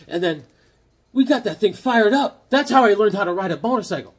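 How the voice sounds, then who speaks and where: A man's voice: high-pitched, fairly quick. A middle-aged man hosting a casual vlog, rambling and joking as he shows comic books and tells stories. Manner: rambling, jokey, animated, acts out voices. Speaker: comic book collector host.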